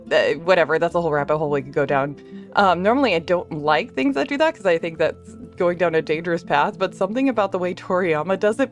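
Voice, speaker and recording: A woman live-streaming a game, chatting with viewers and reading chat aloud, bubbly, laughing often and swearing freely. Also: on the low side. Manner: reads chat messages aloud.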